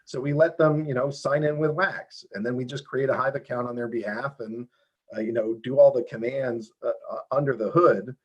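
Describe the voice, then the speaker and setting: A man being interviewed over a video call, explaining how his game works in a lively, fast, self-interrupting way. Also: mid-range voice, breathy edge, dull audio. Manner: animated, talks fast with many restarts and fillers. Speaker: game developer guest.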